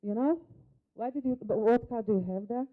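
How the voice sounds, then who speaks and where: A woman's voice: fairly high pitch, brisk, narrow, tinny audio. A woman whose first language is Hebrew leads a live workshop demonstration. She coaches a volunteer with short instructions and questions. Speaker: workshop facilitator. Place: conference hall.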